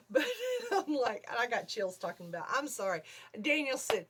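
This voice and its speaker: An older woman vlogger telling a story in a casual, animated way from her home video room, often checking in with "okay?". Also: medium pitch, fairly quick, slight background noise.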